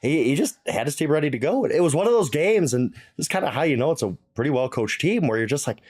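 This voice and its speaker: A middle-aged man co-hosting a casual sports analysis chat, emphatic and exasperated, thinking out loud. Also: fairly high pitch, very animated, quick pace, husky.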